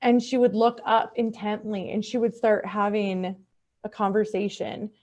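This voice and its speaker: A woman's voice: level tone, a little slow, muffled recording. A middle-aged woman telling a personal story in conversation, earnest and heartfelt, often restarting her sentences. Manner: acts out quoted speech in a higher, softer voice. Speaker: podcast guest.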